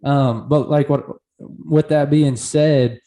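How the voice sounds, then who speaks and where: Mellow, earnest male podcast host. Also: fairly high pitch, steady tone, takes it slowly. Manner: earnest, encouraging, casual with "man" and "like". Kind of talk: casual interview.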